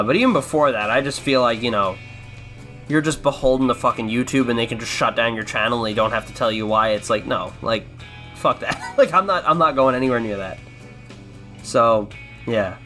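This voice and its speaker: A man's voice: mid-range voice, pushed and bright. A man with an American accent hosting a casual commentary podcast, rambling and sarcastic, swearing a lot and restarting his sentences. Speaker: podcast host.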